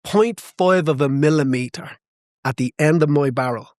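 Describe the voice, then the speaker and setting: A man's voice: a little high, normal speed, a little mellow, dry recording, studio quality. A man, a boxing coach, talking as a guest in a podcast interview, passionate and emphatic, repeating phrases to drive home his point.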